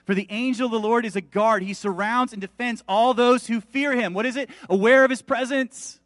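High-voiced man preaching a sermon. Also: a little fast, a bit bright, dry recording, clean studio sound. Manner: emphatic preaching, rising and falling in volume. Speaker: pastor.

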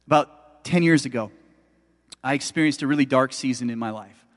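A middle-aged pastor preaches a sermon at a moderate pace, his voice medium in pitch. He's conversational and emphatic, speaking straight to his listeners. A long hall reverb surrounds the recording.

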